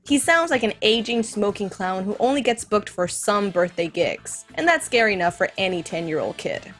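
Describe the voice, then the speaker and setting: A woman's voice: medium pitch, sing-song, normal speed, a bit bright, faint music behind. A woman hosting a scripted film commentary, enthusiastic and speaking directly to her viewers. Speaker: video essay host.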